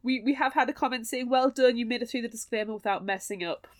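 A woman's voice: fairly high pitch, quick pace. A woman co-hosting a book podcast in a casual, playful chat, laughing a lot. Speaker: podcast co-host.

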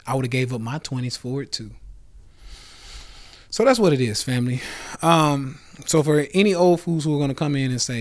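A brash man in his thirties rants to his live audience in a voice of middling pitch. He speaks profanely and swaggers through his points. Now and then he drops to a near whisper before booming back. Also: moderate pace. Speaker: host of a live motivational rant. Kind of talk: casual motivational rant. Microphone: phone on a live stream.

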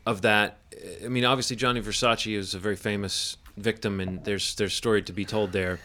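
A man with a fairly low voice hosts a casual podcast conversation. He rambles a little and jokes easily with his co-hosts. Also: a little fast. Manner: relaxed, rambling, joking. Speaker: podcast host. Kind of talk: casual chat.

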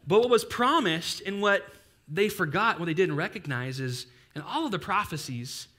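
Casual, lively young male pastor. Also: high-pitched, normal speed. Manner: casual, animated preaching with playful asides. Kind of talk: sermon.

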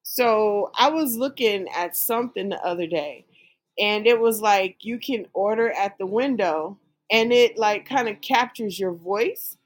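A woman co-hosting a casual chat, giving her opinions in a conversational way with halting restarts. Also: mid-range voice. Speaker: podcast co-host.

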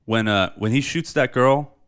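A man with a clear, resonant, fairly bright medium-pitched voice co-hosts a podcast, speaking at a moderate pace. He chats enthusiastically about movies in a casual, profane way with lots of fillers.

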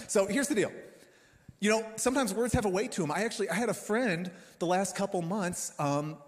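A man preaching a sermon as a pastor, in a casual, joking, conversational way. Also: mid-range voice. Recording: long hall reverb.

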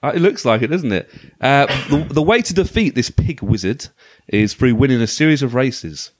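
A man talking casually and with enthusiasm about retro games. His pitch swings up and down a lot as he restarts his sentences. The sound is dry and close, with little room behind it. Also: expressive, moderate pace, dry recording. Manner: enthusiastic, chatty, with frequent restarts. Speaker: podcast host.

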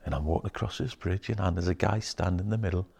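Male storyteller, very low voice, casual, swears a lot, whispers the quotes. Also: very fast, vocal fry, husky. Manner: swears freely, hushed whispers when quoting others. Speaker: guest telling a personal story.

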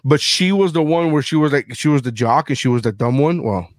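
A man's voice: a little high, fairly quick, no room sound. A middle-aged man hosting a casual talk show, telling profane stories with lots of energy. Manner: profane storytelling, animated. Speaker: podcast host. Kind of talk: casual chat.

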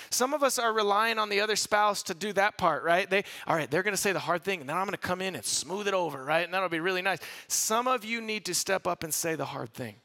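A man preaching a sermon to a congregation, animated and conversational, acting out quoted voices and asking his audience rhetorical questions. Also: high voice, gravelly. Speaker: pastor. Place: church in front of a live congregation.

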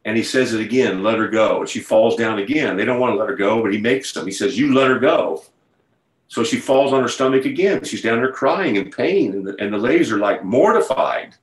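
A man's voice: fairly low pitch, expressive, brisk, hardly any pauses, roomy sound, poor audio. A man preaching a sermon over a video call, conversational at first and building to a fervent retelling. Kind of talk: sermon to an online group.

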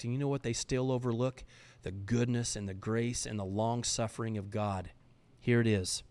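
A man's voice: mid-range voice, steady tone, moderate pace, a little mellow, smooth. Fervent male podcast preacher. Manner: emphatic, fervent. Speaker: podcast host. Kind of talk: preaching monologue.

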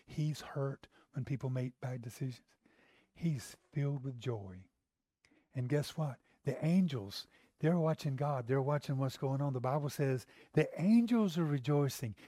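A male pastor preaches in an emphatic, conversational style with frequent exclamations. His voice sits in a middle pitch. The recording is dry, with no room echo. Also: unhurried, warm tone. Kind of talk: sermon.

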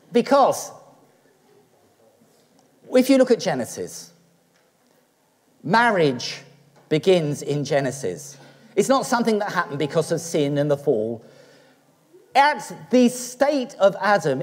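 Lively Australian-born priest preaching in a church. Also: male voice, sits high. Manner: lively, chatty preaching with jokes to the congregation. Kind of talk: sermon. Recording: long church reverb.

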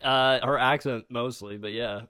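A man's voice: mid-range voice, fairly even intonation, moderate pace, bright, forceful tone, clear, resonant tone, no room sound. Rambling podcast host man, dry sound. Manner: rambling, swears casually, laughs often. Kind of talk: casual chat.

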